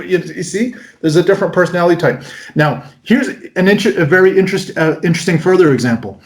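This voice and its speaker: A North American magician in his forties answering interview questions in a lively way. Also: a little high, moderate pace. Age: 40s. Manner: animated, breaks into mock voices. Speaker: magician guest. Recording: roomy echo.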